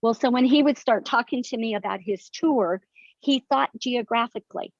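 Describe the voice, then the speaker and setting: A woman's voice: on the high side, moderate pace, dry recording. Older woman telling stories earnestly. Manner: earnest, detailed storytelling. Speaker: guest author. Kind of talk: conversational interview. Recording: dry, slightly dull sound.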